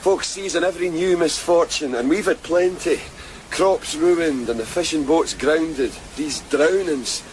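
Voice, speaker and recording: An actor playing a kindly, concerned village weaver with a Scottish accent, speaking plainly and coaxingly in a radio drama. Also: male voice, fairly high pitch, unhurried, a little hiss or hum, lightly acted, poor audio. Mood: gentle concern. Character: Thomas Buchan, a kindly middle-aged village weaver.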